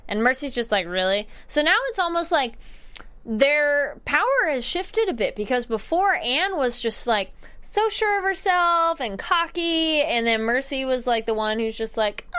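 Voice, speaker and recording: Young woman, casual vlog recap; smooth, clear voice, animated, self-correcting. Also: high voice, moderate pace. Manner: chatty and animated, stumbles over words and corrects herself. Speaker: TV show reviewer.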